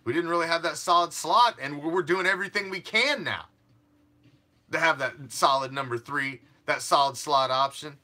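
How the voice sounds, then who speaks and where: A man's voice: a little high, moderate pace, pushed and bright. Fired-up profane man ranting about football. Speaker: fan podcast host. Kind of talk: profane sports rant.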